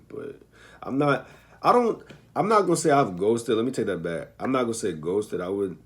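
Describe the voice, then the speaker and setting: Deep-voiced man giving slangy reaction commentary. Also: slight background noise. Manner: laid-back, slangy, thinking aloud and correcting himself. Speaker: commentator reacting to a dating show.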